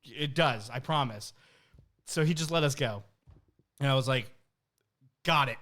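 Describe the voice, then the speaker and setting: A man's voice: mid-range voice, measured pace, fairly bright tone. A man from New Jersey, co-hosting a podcast and telling a story in casual, profanity-laced chat. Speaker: podcast co-host.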